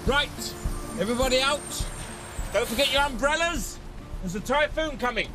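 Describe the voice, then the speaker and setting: Brisk, jokey maths teacher. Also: male voice, extremely high pitch, lively intonation. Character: brisk, joking male British maths team leader. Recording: film soundtrack with music under the voice.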